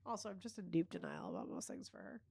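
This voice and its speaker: Gravelly-voiced woman hosting a podcast, chatty and giggly, dry mic. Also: medium pitch, wildly swooping pitch, quick pace, warm tone, no echo. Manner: laughs often, chatty storytelling. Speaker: podcast host. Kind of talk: casual chat.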